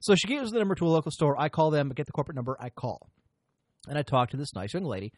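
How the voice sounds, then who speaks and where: A man's voice: on the high side, expressive, quick pace, no echo. A man hosting a podcast, telling a long story in a rambling, profane way and often interrupting himself. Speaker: podcast host. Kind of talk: casual storytelling chat.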